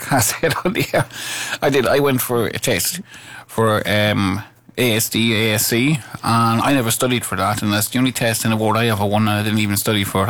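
A man's voice: fairly low pitch, a bit bright. A man hosting a local radio show, chatting casually in a jokey, rambling, self-deprecating way. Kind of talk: casual chat.

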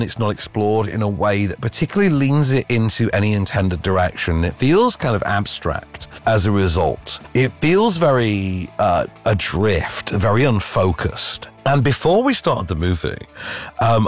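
A man talks through a film in easy, conversational chat, his pitch rising and falling all over the place. He keeps stumbling into fillers and restarts, and soft music plays faintly under him. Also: moderate pace. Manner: animated, chatty, lots of fillers and restarts. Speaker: film reviewer. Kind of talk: casual film review chat.

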